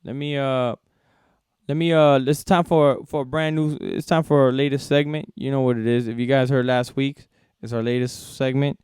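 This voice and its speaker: A man's voice: mid-range voice, steady tone, normal speed, darkish tone, clean tone, no echo, studio quality. A man hosting a solo sports podcast, ranting in a heated, profane way and repeating himself. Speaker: podcast host.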